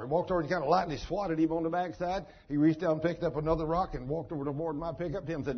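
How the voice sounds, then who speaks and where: A man's voice: fairly high pitch, fast talker, breathy edge. An older man, a pastor, preaching a sermon in a folksy storytelling manner. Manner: folksy storytelling, down-home phrasing. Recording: dull lo-fi sermon recording.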